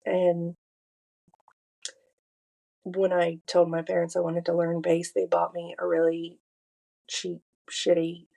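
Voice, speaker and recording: A woman's voice: lowish voice, gravelly, dark tone. A married woman hosting a podcast, telling a personal story in a candid, confessional way with frequent fillers and restarts. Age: adult, married. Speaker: podcast host.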